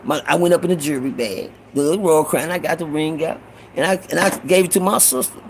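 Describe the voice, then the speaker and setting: A man's voice: a little high, fast, creaky, slight background noise. A man telling a rambling, profane story from his own life in a casual way, with many restarts. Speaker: storyteller host.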